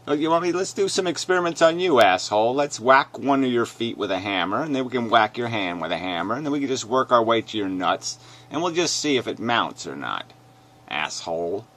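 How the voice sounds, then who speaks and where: A man ranting angrily and profanely as he reads comments aloud, mocking them in sneering voices and swinging between shouts and mutters. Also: medium pitch, lively intonation, brisk. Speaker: video commentator. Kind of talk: angry rant reading comments aloud.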